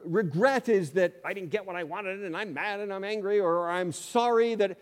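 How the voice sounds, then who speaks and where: Male pastor, sermon delivery, animated storyteller, dynamic loud-soft shifts, reverberant church sound. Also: high voice, moderate pace. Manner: animated storytelling, swings between loud emphasis and quiet asides. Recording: long hall reverb.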